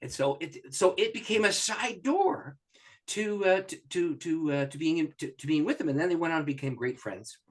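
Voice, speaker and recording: A man, a pastor, telling a story in an interview with lively, acted-out voices. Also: fairly high pitch, normal speed, slightly rough. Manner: animated storyteller who acts out voices and laughs often.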